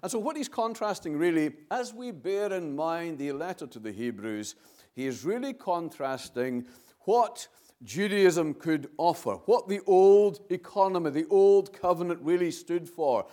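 A man preaching in a sermon, his voice sitting a little higher than most men's. He reads scripture in a solemn, formal way, then pushes each point toward emphatic, ringing statements. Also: expressive, a little slow, dark tone. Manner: emphatic, builds to ringing declarations.

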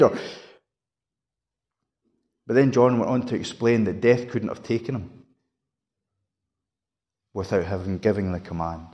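A man preaching a sermon, swinging between raised, emphatic lines and quiet, hushed ones. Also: lowish voice, unhurried, long pauses. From Scotland. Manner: dramatic emphasis, rising to a shout and dropping to a hush.

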